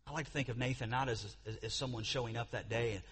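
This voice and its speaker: A man preaching a sermon, earnest, slowing down on the verses he quotes and rising when he stresses a point. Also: medium pitch, steady tone, fairly bright tone, breathy edge. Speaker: pastor.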